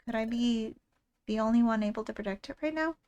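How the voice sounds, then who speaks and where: A woman voicing a lonely, grieving psychic creature from a game who is gentle and protective, reading its lines in an earnest, soft-spoken way. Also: fairly high pitch, fairly quick, smooth, muffled recording, close to an everyday voice. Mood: tender, worried. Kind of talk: reading game dialogue aloud.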